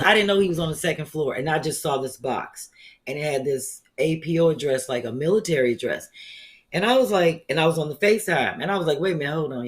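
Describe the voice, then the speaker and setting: A woman hosting a comedy talk show in casual chat, telling stories animatedly with casual slang and frequent laughter over a video call. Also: low-pitched.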